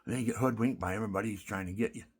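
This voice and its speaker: A man delivering a rambling, indignant rant, swinging from loud outbursts to hushed asides. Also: lowish voice, very fast, breathy edge.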